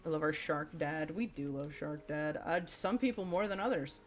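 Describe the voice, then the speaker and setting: A woman livestreaming a game, chatting casually with her viewers, swearing often and reacting loudly as she plays. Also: deep voice, normal speed. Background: faint game music.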